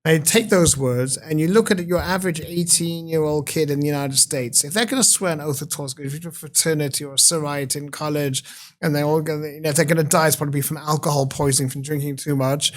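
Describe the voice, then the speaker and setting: A man's voice: fairly high pitch, fairly even intonation, quick pace. Passionate British man in his fifties. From United Kingdom. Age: 50s. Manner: passionate, eloquent storyteller. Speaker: guest. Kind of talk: interview conversation.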